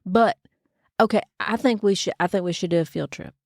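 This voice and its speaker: A woman, co-hosting a podcast in casual chat, chatty and excitable and quick to cheer. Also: mid-range voice, creaky, no room sound, clean studio sound. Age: 50s. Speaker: podcast co-host.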